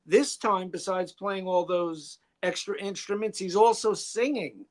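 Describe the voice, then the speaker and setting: High-voiced man reviewing an album. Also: measured pace. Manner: informative, reading off facts. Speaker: podcast co-host.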